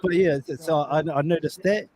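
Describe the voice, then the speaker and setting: Male podcast host, a touch high, easygoing and rambling. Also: a little fast, crowd noise. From Australia. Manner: rambling, with many fillers and restarts. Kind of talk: casual podcast chat.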